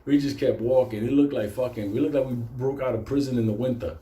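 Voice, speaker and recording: Guy telling a wild story, cussing nonstop, warm tone, roomy sound. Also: mid-range voice, fast. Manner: profane, animated, swears constantly. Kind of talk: casual spoken storytelling.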